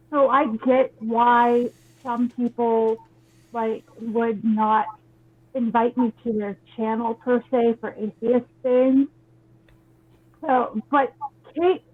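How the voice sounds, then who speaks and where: A woman in a casual group video chat, speaking earnestly and slowing down to make her point. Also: fairly high pitch. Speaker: ex-Mormon video creator. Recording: tinny phone-like line.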